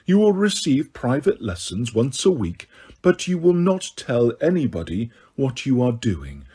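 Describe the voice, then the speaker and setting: A man voicing a cold, sneering male potions master who speaks quietly, slowly and waspishly. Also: medium pitch, sing-song, husky, exaggerated voice. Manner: slow, quiet, silky and waspish.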